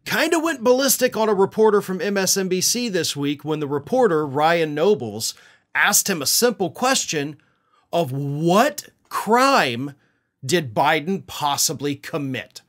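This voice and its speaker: Indignant, lively male political commentator. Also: high voice. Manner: indignant, sarcastic, scornful.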